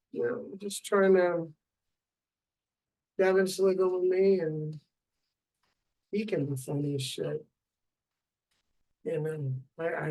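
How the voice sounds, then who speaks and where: A man's voice: fairly high pitch, vocal fry, a little mellow, rough recording. A middle-aged man and father rambling through a personal video diary, meandering with many fillers and restarts. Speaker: father recording a video log.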